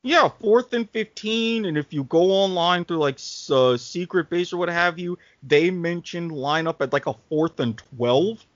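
Podcast co-host, man with a high voice, thinks aloud as he talks; dry, muffled recording. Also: animated, dry recording. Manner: halting, thinks aloud with fillers. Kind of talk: casual sports podcast chat. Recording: dull, dry lo-fi podcast audio.

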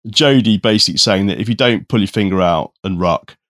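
A man's voice: lowish voice, fairly quick, no echo. A man hosting a casual podcast chat, joking and laughing often as he sets up segments. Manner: jokey, animated, laughs often. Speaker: podcast host.

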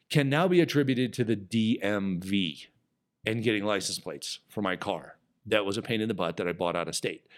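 A man hosting a business podcast, telling a story in an animated, emphatic way. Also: mid-range voice. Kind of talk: storytelling monologue.

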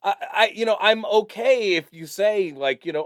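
A middle-aged man with an East Coast American accent co-hosting a podcast, chatting in a rambling, animated way with frequent fillers. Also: high-pitched, moderate pace, smooth, no echo, clean studio sound. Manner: rambling, animated, swears casually. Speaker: podcast co-host. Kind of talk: casual chat.

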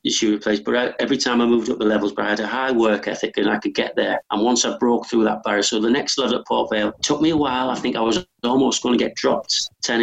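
A middle-aged former footballer, telling stories in a rambling, humble, self-correcting way during an interview. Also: male voice, fairly low pitch, creaky, highs cut off. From England. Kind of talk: conversational interview storytelling.

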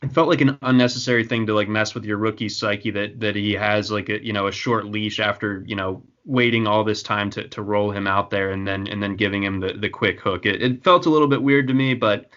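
A man's voice: lowish voice, steady tone, brisk, hardly any pauses, fairly bright tone, dull audio. A man hosting a casual sports podcast, talking with frequent restarts and fillers. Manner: hesitant, many restarts and fillers. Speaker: podcast host. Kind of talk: casual fantasy football chat.

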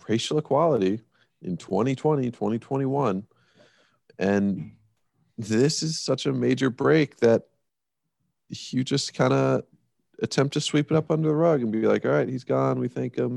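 A man with a very low, gravelly voice talks sports bluntly and emphatically. He swears and adds dry sarcasm. The sound is close and dry. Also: a little mellow, no echo. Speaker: podcast co-host. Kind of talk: casual sports chat.

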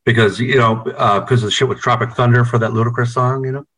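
A man's voice: medium pitch, steady tone, fast talker, a bit bright, low-quality recording. A man from the United States, a band member, chatting casually over a video call, laid-back, swearing freely and telling stories with energy.

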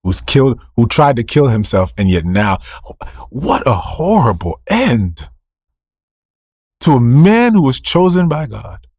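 A man's voice: mid-range voice, very animated, a little slow, darkish tone, breathy edge, dry recording. A male preacher delivering a sermon, emphatic, firing off rhetorical questions, answering them himself and repeating key phrases.

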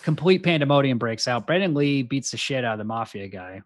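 A man casually recapping a movie on a podcast, animated and crude, jumping into quick voices for the characters. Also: medium pitch, no room sound, clean studio sound. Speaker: podcast co-host.

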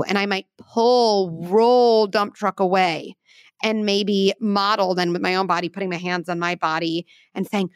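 A woman in her thirties, a parenting expert explaining advice in an interview with earnest, lively examples. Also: medium pitch, a little slow, smooth, no echo, studio quality.

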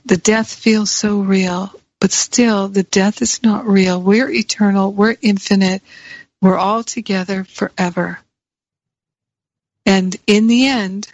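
A woman's voice: mid-range voice, dry recording. A woman giving a reflective spiritual teaching talk, repeating key phrases for emphasis. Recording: dry, slightly muffled recording.

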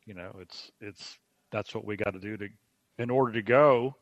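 A man talks as a podcast guest, laying out his ideas slowly and with thought. The recording is very dry and a little dull in tone. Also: lowish voice, no echo. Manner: slow, reflective, explanatory. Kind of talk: casual podcast conversation. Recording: dry, slightly dull sound.

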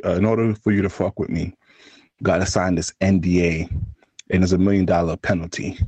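A man's voice: deep voice, a little fast, mellow, no room sound. A man co-hosting a podcast, joking crudely in casual chat and laughing often. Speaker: podcast co-host.

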